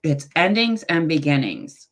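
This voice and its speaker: A woman's voice: low-pitched, very animated, a little slow. Chatty woman hosting a tarot show. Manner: chatty, friendly, reads cards aloud. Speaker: host. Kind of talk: live tarot reading show.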